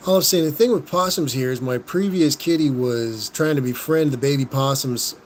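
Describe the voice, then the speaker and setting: A man's voice: mid-range voice, moderate pace, slight background noise. Laid-back Southern Californian guy. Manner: laid-back, says "like", "rad" and "dude" a lot. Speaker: host reading live chat. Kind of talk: casual livestream chat. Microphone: phone held in hand.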